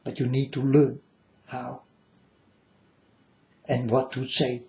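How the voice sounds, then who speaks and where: A man's voice: mid-range voice, level tone, takes it slowly, gravelly, mellow. A man giving an earnest, repetitive, preachy monologue to his listeners, whom he calls folks. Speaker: vlogger. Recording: dull lo-fi recording.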